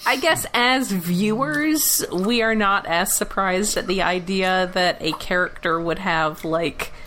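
A woman co-hosting a casual chat about cartoons, expressive and giggly. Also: mid-range voice, slow pace, slight background noise. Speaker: podcast co-host.

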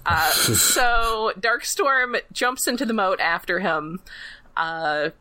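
A woman podcast co-host giving a chatty, casual episode recap, laughing often and filling pauses with "uh". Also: medium pitch, animated, pushed and bright, rough recording.

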